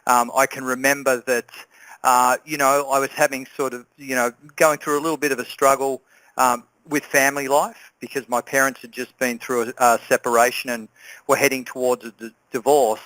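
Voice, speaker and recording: A man's voice: medium pitch, little pitch movement, moderate pace, fairly bright tone, no room sound, low-quality recording. Earnest Australian man, dry close sound. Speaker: guest speaker. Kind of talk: personal storytelling on a call.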